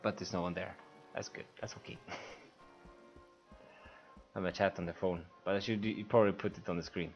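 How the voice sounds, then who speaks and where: A man's voice: sits low, fairly even intonation, normal speed, long pauses, highs cut off, soft background music. A man with a Swedish accent streaming a game, reading the on-screen action aloud for blind viewers with emotional sighs. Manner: emotional, sighing, reads everything aloud. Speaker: let's play streamer.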